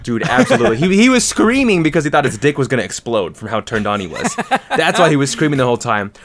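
A young man riffing crudely on a casual podcast, laughing often. His pitch swings widely as he jokes. He keeps the banter loose and profane. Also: sing-song, fast, fairly bright tone, slight background noise. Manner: crude, joking, laughs a lot. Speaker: podcast co-host.

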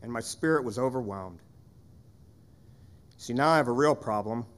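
A man's voice: medium pitch, normal speed. A man serving as pastor, delivering a sermon in an earnest, conversational way with frequent rhetorical questions.

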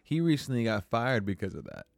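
A man's voice: mid-range voice, huge pitch swings, fairly quick, vocal fry, no echo, clean studio sound. A man hosting a podcast, asking questions in a hesitant, filler-heavy way. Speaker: podcast host. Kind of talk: casual podcast chat.

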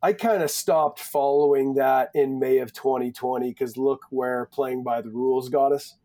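A man's voice: medium pitch, fairly even intonation, normal speed, mellow. Joking, foul-mouthed man from Alberta. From Alberta, Canada. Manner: loose, joking, swears a lot, says buddy and man. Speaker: podcast guest. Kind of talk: casual podcast chat.

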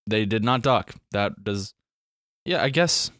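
A young man from Alabama, hosting a casual podcast and reading riddles in a playful, drawn-out way. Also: fairly low pitch, lively intonation, a bit bright, dry recording, studio quality. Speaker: podcast host.

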